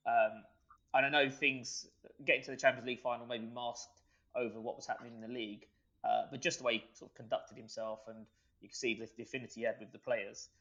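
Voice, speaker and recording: A man on a podcast giving measured opinions, with frequent fillers and restarts. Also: medium pitch, level tone, bright, forceful tone. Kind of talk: casual podcast discussion. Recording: slightly muffled.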